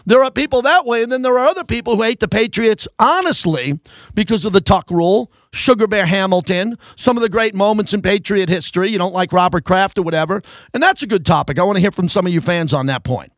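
A man hosting a sports talk radio show into a studio microphone, ranting and fired up, swinging between loud bursts and low grumbles. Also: fast, no room sound.

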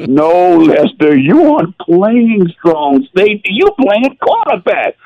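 Tearful ex-player guest, high and lively, slow-spoken, dull lo-fi line. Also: male voice, no room sound. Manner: emotional, tearful, exclamatory with "geez". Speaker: former football player, guest. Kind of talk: emotional radio interview storytelling.

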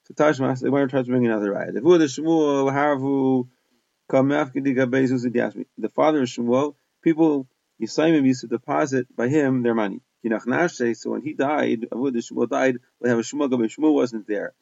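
Gravelly-voiced man teaching Talmud. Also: mid-range voice, moderate pace, a little mellow, dry recording. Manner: reads Aramaic phrases then explains in English, with hesitations. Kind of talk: Talmud lesson, reading and translating. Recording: dull, dry close recording.

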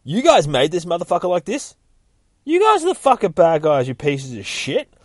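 A man putting on a surly, cranky young heroine who shouts back and swears without letting up. The voice is pushed higher and louder than his own. It sounds dry, with nothing of the room around it. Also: steady tone, moderate pace, dry recording, lightly acted. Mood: defiant fury.

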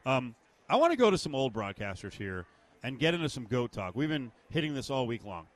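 A man's voice: medium pitch, big pitch swings, a little fast. A man in his fifties hosting a sports talk show, steering the chat with strong opinions. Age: 50s. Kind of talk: casual sports radio chat.

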